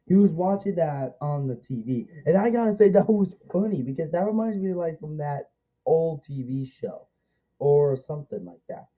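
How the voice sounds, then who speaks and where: A man's voice: fairly high pitch, animated, moderate pace, dark tone, rough recording. A man giving a casual, rambling movie review, eager and repetitive, restarting his sentences often.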